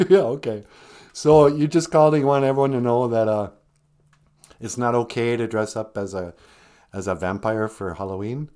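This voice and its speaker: A man hosting a comedic live stream, joking with viewers, laughing often and making deadpan asides. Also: medium pitch, normal speed, pauses often. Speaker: host.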